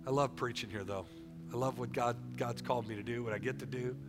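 A middle-aged man preaching a sermon, animated and repetitive, telling stories between points. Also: mid-range voice, fast, music in the background.

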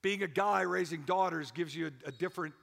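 High, gravelly-voiced preacher man. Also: fairly quick. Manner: energetic, repeats phrases for emphasis, rallies the congregation. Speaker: pastor. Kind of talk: sermon. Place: church sanctuary. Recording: echoey church hall.

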